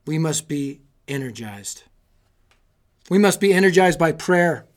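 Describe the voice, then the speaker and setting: A man giving an energetic, sermon-style talk to youth leaders, telling stories and rallying them with repeated calls. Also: fairly high pitch, a little slow. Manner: energetic storytelling with repetition; exhorting, rallying listeners. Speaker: youth ministry speaker.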